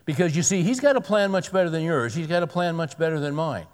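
A pastor preaching a sermon in a conversational, emphatic way, repeating key words for weight. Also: male voice, on the high side, fast talker, clear, resonant tone. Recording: long hall reverb.

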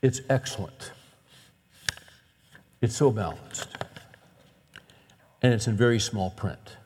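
A man's voice: on the low side, expressive, slow pace, a little mellow, husky. A man preaching a sermon as a pastor, earnest and conversational, telling stories and asking rhetorical questions. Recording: long hall reverb.

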